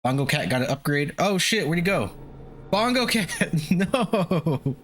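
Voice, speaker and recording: A man's voice: a little high, big pitch swings, unhurried, fairly bright tone, a little hiss or hum. A man chatting casually on a live stream, loose and profane, often chuckling as he sets up a game at home. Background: faint lo-fi music.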